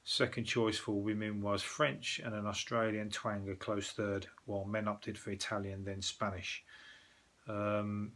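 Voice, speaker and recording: A man's voice: on the low side, level tone, measured pace, a bit bright. A man with a Birmingham accent, host of a newspaper review, chatting casually in a sweary, sarcastic, rambling way. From Birmingham, England. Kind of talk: casual chat.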